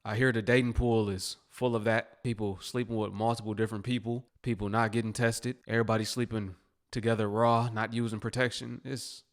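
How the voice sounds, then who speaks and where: A man's voice: lowish voice, level tone, brisk. Casual man commenting on a clip. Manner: casual, emphatic, addresses viewers as family. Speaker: channel host reacting. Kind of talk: reaction commentary.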